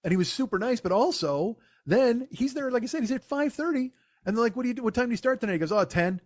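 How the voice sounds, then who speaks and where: A man doing stand-up, telling a long profane story with exasperated, animated delivery. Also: extremely high pitch, quick pace, no echo, studio quality. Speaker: stand-up comedian.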